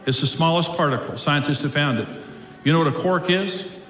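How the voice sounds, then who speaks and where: A man's voice: on the high side, fairly quick, fairly bright tone, a little hiss or hum. A man preaching an emphatic sermon to a live audience in a large church auditorium. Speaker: pastor. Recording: echoey hall, faint ambience.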